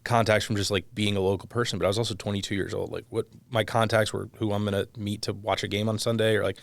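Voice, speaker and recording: A man in his thirties, a guest on an interview show, telling stories in a relaxed, self-deprecating way and sometimes trailing off while he hunts for a name. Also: lowish voice, fast talker, vocal fry, dry recording. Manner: lively storyteller, self-deprecating, trails off searching for names. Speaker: podcast guest, mortgage company executive. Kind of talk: casual interview chat.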